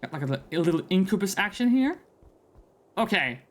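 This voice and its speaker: Excitable man streaming a game. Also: high-pitched, fairly quick. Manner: casual, excitable, reads game text aloud. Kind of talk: live gameplay commentary.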